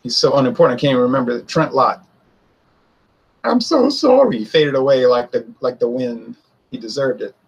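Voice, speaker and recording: A man giving a casual political opinion monologue, animated, often mimicking others in a high mocking voice. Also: fast talker, husky. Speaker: political commentator.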